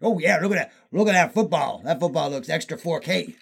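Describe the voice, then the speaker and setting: A man's voice: fairly high pitch, expressive, a little fast, creaky, breathy edge, full character voice. A man voicing a gullible man with a vague Southern accent and a hint of Cajun, drawling and easily impressed. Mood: gawking.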